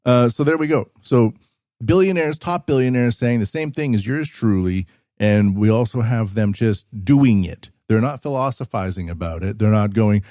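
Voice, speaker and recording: A man's voice: fairly low pitch, moderate pace, dark tone, no room sound, clean studio sound. A man hosting a podcast, reading news articles aloud and rambling through sarcastic asides. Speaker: podcast host. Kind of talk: casual news commentary.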